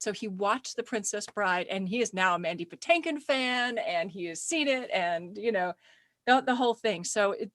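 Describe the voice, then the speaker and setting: A middle-aged woman chatting as a podcast guest, animated and quick to laugh while telling stories. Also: fairly high pitch, no echo, studio quality. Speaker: podcast guest, speaker agent. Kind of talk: casual interview chat.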